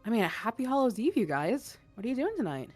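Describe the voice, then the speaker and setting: A woman voicing a brash, foul-mouthed female tavern keeper who swears freely and jokes loudly. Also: a little high, big pitch swings, quick pace, soft background music, voice pushed up. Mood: joking. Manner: loud, swearing, boastful.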